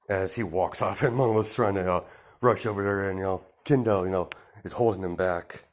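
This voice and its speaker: A man's voice: sits low, fairly quick. Rambling man telling a fan story. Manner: rambling, full of fillers and restarts. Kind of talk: casual improvised storytelling.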